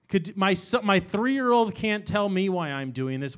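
Middle-aged guy hosting a bar comedy show, high voice, rambles and rants at the crowd. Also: lively intonation, normal speed, few pauses. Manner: rambling, self-deprecating, rising into exasperated rants. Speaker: host. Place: small bar venue with live audience.

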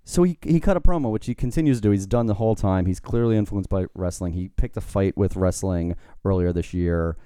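A man's voice: low voice, fairly quick, hardly any pauses, warm tone, clear, resonant tone. A man co-hosting a podcast, chatting in a loose, joking, rambling way. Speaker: podcast co-host. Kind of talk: casual chat.

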